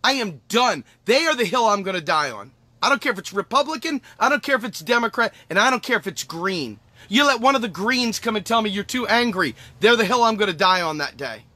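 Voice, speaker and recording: A man's voice: high-pitched, sing-song, fairly quick, few pauses, sharp tone, dry recording. A man delivering an angry, emphatic political monologue as host, swearing and repeating lines for effect. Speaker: podcast host.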